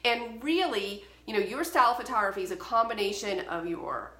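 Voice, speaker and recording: Her medium-pitched voice fairly bright and a little quick, this photography educator and podcast host speaks firmly, directly and emphatically to camera. The advice show is recorded alone in an echoey room.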